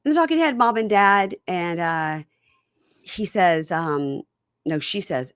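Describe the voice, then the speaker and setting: A woman's voice: on the low side, takes it slowly, clean tone, no room sound, clean studio sound. A woman hosting a podcast, chatting casually and acting out lines in funny voices. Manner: animated, acts out quotes in funny voices. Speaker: podcast host. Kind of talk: casual chat recapping a reality show.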